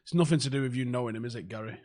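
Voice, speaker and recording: A man's voice: mid-range voice, very fast, darkish tone. A man in his thirties, co-hosting a football watchalong. His talk is blunt and full of swearing, delivered with a dry sense of humour. He reads out viewer comments in a casual way. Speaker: co-host of a football fan stream.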